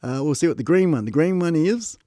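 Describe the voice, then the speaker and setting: A man's voice: fairly high pitch, expressive, a little fast, mellow, dry recording. An Australian man chatting casually on a live stream, jokey and laughing often, talking to his chat viewers close to his microphone at home. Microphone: close desk microphone. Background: faint music.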